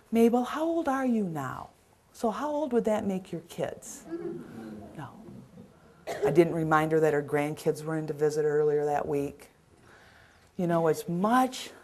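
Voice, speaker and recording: A middle-aged woman giving a caregiving seminar, telling stories from her work in an earnest, animated way. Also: low-pitched. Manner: earnest, storytelling, acts out scenes. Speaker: dementia caregiving trainer. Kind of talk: seminar storytelling.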